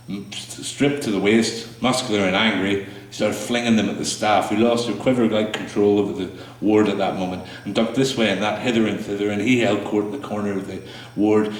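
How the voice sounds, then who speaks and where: A man performing his spoken word poetry to a small audience, slow and halting between pieces, with fillers and restarts. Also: fairly low pitch. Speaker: poet performing his work. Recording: echoey room, mic far off.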